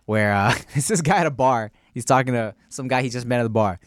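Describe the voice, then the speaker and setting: A man's voice: medium pitch, a little fast, a little hiss or hum. A man co-hosting a casual comedy podcast, telling stories with acted-out voices and frequent laughter. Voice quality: animated storyteller, acts out voices and laughs often. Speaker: podcast co-host.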